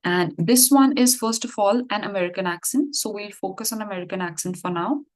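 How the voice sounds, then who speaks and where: A woman's voice: mid-range voice, fairly quick, darkish tone. A woman English teacher explaining things in a casual online lesson, talking with fillers and restarts. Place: online class with screen sharing.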